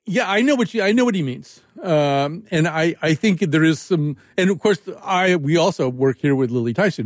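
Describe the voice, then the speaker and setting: A man in his seventies hosting a radio talk show, rambling and chuckling as he chats. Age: 70s. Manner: rambling, chuckling, lively swings in pitch. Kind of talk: casual radio chat.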